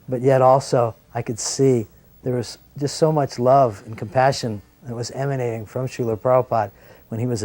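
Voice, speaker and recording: Soft-spoken man recalling a memory. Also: mid-range voice. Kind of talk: reflective recollection.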